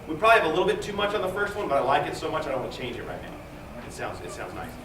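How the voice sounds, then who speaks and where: High, lively choir director in an echoey room. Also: male voice, very fast, recorded from a distance, noisy background. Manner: coaching and counting in beats, jokey asides. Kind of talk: rehearsal instruction. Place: large rehearsal room. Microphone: distant room mic. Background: choir singing.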